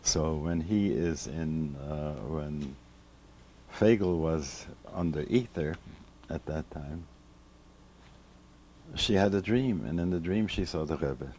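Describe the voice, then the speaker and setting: A rabbi in his seventies tells an old memory in a very low, mellow voice. He speaks slowly and reflectively, often stopping to restart a phrase. He is being interviewed in his home library, with a faint hiss in the background. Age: 70s. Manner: slow, reflective, with many restarts and repeated words. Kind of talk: reminiscing storytelling in an interview.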